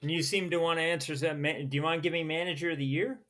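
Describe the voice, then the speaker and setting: Slightly high-voiced man hosting a podcast. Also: steady tone, bright, forceful tone. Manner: quick, teasing questioner. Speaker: podcast host. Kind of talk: casual sports chat.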